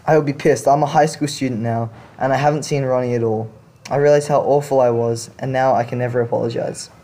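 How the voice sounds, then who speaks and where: Mellow-voiced man reading confessions aloud. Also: mid-range voice, steady tone, fairly quick. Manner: reads aloud, then reacts with blunt casual swearing. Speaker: podcast host reading stories.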